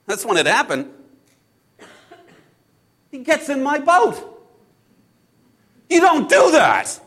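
A man playing Peter, a hot-tempered fisherman, telling his story in the first person with halting, repeated words, hushed one moment and loud and exasperated the next. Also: extremely high pitch, big pitch swings, full character voice. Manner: swings between hushed awe and loud exasperation. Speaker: actor in a first-person biblical monologue.

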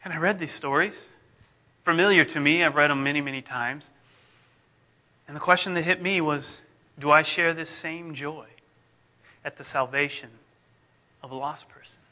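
Man, pastor, sermon, very bright tone, slightly high voice, conversational, trailing endings. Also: normal speed, long pauses. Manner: conversational, self-deprecating preaching with soft, dropping endings.

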